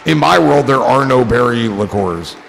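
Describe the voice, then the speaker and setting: A man's voice: medium pitch, lively intonation, moderate pace, creaky, a bit bright, big-room sound, soft background music, some chatter behind. A man hosting a casual livestream, rambling in a goofy, profane way to his chat. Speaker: livestream host.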